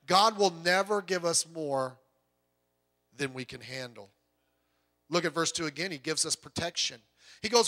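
A man's voice: a little high, animated, measured pace, long pauses, bright, forceful tone. A male pastor preaching a sermon in a conversational way, full of rhetorical questions and joking asides.

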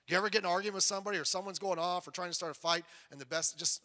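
A man preaches a sermon in a high, bright voice that rings out. He shifts between booming emphasis and quiet asides. His voice carries through the long reverb of a church hall. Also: very fast, hardly any pauses. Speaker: pastor.

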